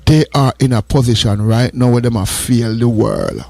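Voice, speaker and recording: A Jamaican man hosts a morning radio show, giving preachy, sermon-like advice in a patois-flavored mix that drifts into English, earnest and repetitive. His mid-range voice has a darkish tone and fairly even intonation at a moderate pace. The recording is dry and close.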